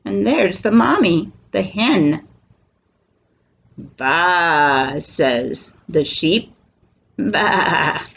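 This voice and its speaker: A woman reads a picture book aloud to toddlers, taking it very slowly. Her voice swoops up and down in a sing-song way, with a little gravelly fry at the ends of phrases. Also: mid-range voice. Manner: slow, sing-song and animated for small children. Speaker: children's storyteller.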